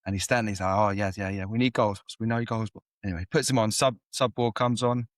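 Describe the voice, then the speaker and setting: A man's voice: lowish voice, fairly even intonation, quick pace, dry recording, studio quality. A man co-hosting a casual podcast, rambling through comedy stories and acting out quotes, laughing often. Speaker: podcast co-host. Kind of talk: casual chat, retelling comedy scenes.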